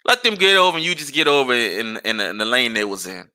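A man's voice: medium pitch, quick pace, sharp tone. A man hosting a podcast, ranting casually and with exasperation, firing off rhetorical questions and curses. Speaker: podcast host.

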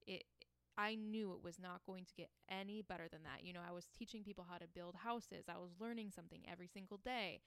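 A woman's voice: lowish voice, fast talker, clean tone, no room sound. A young woman hosting her own podcast, talking in an earnest, encouraging way and often restarting her sentences. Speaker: podcast host. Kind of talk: casual solo podcast monologue.

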